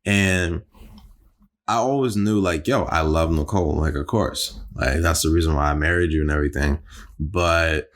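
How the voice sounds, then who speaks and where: A young man co-hosting a podcast, talking in a relaxed, slangy way full of "like" and "yo". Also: very deep voice, moderate pace. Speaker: podcast co-host. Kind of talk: casual chat.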